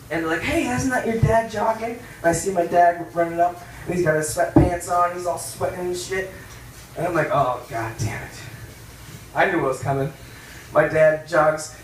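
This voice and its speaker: High-pitched guy doing standup, foul-mouthed and loud, roomy club echo. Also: slight background noise. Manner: brash, profane, loud punchlines. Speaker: stand-up comedian. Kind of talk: stand-up comedy set. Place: bar comedy stage. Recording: roomy club sound from a distance.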